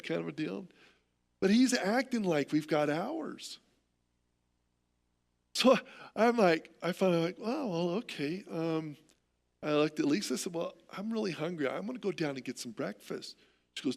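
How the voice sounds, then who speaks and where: Gravelly, animated American pastor preaching. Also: male voice, on the high side, moderate pace. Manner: animated storytelling with repeated words. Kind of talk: sermon.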